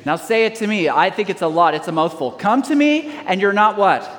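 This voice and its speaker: High-voiced man preaching in a hall. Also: animated, a little fast, a bit bright. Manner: preaching with call-and-response to the congregation. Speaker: pastor. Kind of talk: sermon.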